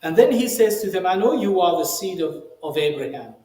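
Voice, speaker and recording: Male rabbi, informal Bible teacher, slightly high voice, emphatic, roomy echoey recording. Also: sing-song, fairly quick, mellow. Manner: emphatic, reads quoted speech in a raised voice, many "you know" asides. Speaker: rabbi teaching the weekly Torah portion. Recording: roomy echo.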